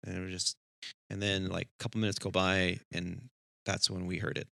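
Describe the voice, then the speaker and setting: A man's voice: low-pitched, fairly quick, gravelly, dry recording, clean studio sound. A man co-hosting an aviation podcast, telling a cockpit story in casual chat and acting out the voices in it. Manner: animated storyteller, acts out dialogue in his story. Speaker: airline pilot podcast host.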